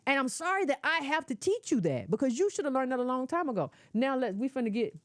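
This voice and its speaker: A middle-aged woman talks straight at the listener in a casual, opinionated commentary. She lectures emphatically and keeps to colloquial speech, with a high voice that swoops up and down. The sound is dry and close, with little room around it. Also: sing-song, quick pace, dry recording. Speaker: commentator reacting to clips.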